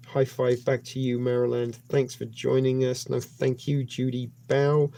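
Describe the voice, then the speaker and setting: A man's voice: medium pitch, monotone, measured pace, gravelly, few pauses, warm tone. A man hosting a live stream, rambling and joking as he thanks viewers and signs off. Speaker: livestream host. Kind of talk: casual live-stream sign-off.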